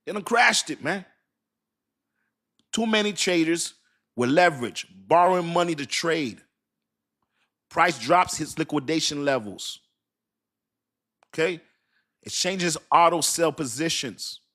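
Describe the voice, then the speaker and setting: A man in his fifties hosting a casual crypto livestream, talking in an animated, repetitive, slangy way and laughing often. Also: a little high, takes it slowly, pauses often. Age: 50s. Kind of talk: casual live-stream talk.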